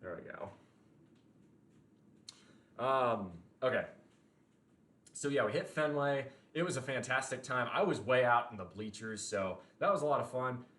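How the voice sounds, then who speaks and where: Young male livestream host, loose and rambling, mid pitch, roomy sound. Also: lively intonation, a little slow, long pauses, fairly bright tone. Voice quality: rambling, chatty, with frequent restarts and casual swearing. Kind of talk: casual livestream chat, reading chat messages. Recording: roomy echo.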